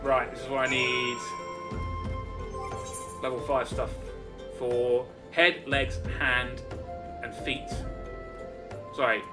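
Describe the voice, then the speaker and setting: A man's voice: medium pitch, level tone, slow pace, long pauses, distant mic. A man giving casual let's-play commentary, with muttered, self-deprecating asides. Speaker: gaming channel host. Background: faint game music.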